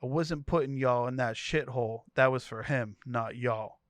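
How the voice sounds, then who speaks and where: A man voicing a smooth, commanding pimp who gives orders in a calm, laid-back way. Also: medium pitch, moderate pace, no echo, close to an everyday voice.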